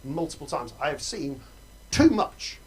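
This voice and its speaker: Man, stand-up comedian, high voice, stage mic, audience laughing. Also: sing-song, unhurried, crowd noise. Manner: conversational, checks in with "right?". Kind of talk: stand-up set. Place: comedy club, indoors. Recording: live club with laughing audience.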